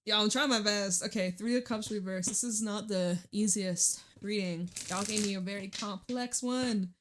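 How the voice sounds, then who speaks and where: A woman's voice: medium pitch, moderate pace. A woman giving a casual tarot reading in a chatty, laughing way, full of fillers. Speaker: tarot reader.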